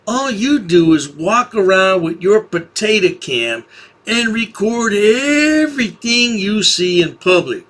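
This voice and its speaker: A man's voice: high-pitched, animated, takes it slowly, fairly bright tone. A man hosting a commentary video, talking in a sarcastic, taunting way. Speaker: commentary channel host.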